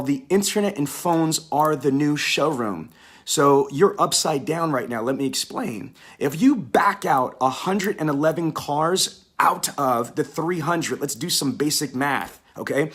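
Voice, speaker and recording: A man running a live sales training stream, pushing his points hard and circling back to them again and again. His voice sits a little higher than most men's and has a husky, slightly rough edge. He drops casual slang and quick asides as he goes. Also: fairly bright tone. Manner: emphatic, repetitive, hyped-up coaching.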